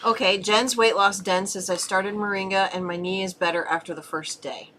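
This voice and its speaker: A woman's voice: medium pitch, steady tone, moderate pace, noisy background. A middle-aged woman co-hosting a homesteading channel, chatting casually and reading viewer questions aloud. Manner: conversational, interjecting with short agreements.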